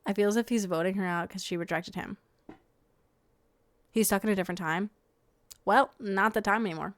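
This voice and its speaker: A young woman streaming casual reactions to reality show clips, chatty, swearing freely and dropping into quiet mumbled asides. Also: medium pitch, brisk.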